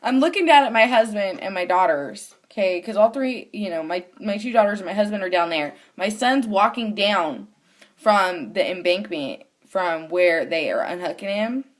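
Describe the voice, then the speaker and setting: A woman of young to middle age tells a story straight to the camera in a casual vlog. She is animated, acting out the voices of the people in her story with loose, everyday swearing. Her voice sits at an ordinary middle pitch for a woman. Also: moderate pace. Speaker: vlogger.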